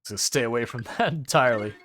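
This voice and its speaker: A chatty male streamer rambles through a game at a desk mic, his pitch rising and dropping as he talks to chat. He drifts into sarcastic asides in a casual, unscripted way. A faint hiss sits under the recording. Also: fast talker, a bit bright. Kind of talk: casual live-stream chat while playing.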